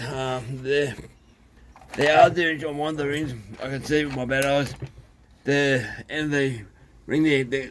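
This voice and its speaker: A man with an Australian accent, talking casually and haltingly through a chainsaw repair, with many fillers. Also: mid-range voice, a little hiss or hum. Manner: rambling, plain-spoken, halting with fillers. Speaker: small engine repairer. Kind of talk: casual workshop video.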